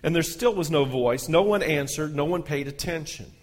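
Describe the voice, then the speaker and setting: A man preaching in a church sanctuary reads from scripture, lifting his voice whenever he quotes. He speaks at a normal speed with a pitch on the high side, and long hall reverb fills the recording.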